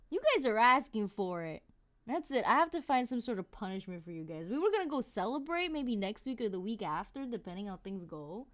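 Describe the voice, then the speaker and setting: A woman streamer chatting casually with her viewers, telling stories in an animated, exclamatory way. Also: medium pitch, fairly quick.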